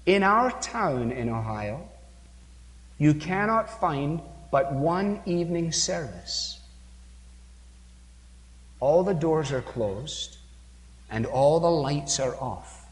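A man's voice: on the high side, lively intonation, slow, pauses often. A man preaching a sermon, emphatic, with rhetorical questions and acted-out quotes, recorded in a church with a long reverb.

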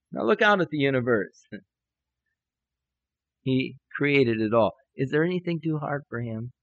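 A man preaching a sermon in a dry, dull-sounding lo-fi recording. He tells a story from his own life and acts out each side of the conversation. His delivery is animated and climbs into joyful exclamations. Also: fairly high pitch, normal speed, no echo. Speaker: pastor.

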